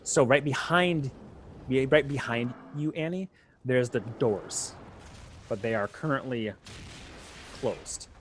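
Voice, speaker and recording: A man narrating a tabletop game as game master, slow and drawn out, with playful laughs. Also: mid-range voice, a bit bright, a little hiss or hum.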